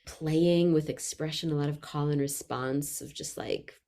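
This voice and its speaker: Low-voiced woman voice teacher chatting in an interview, really expressive, goes soft then loud. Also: unhurried. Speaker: vocalist and voice workshop leader. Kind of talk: reflective interview conversation.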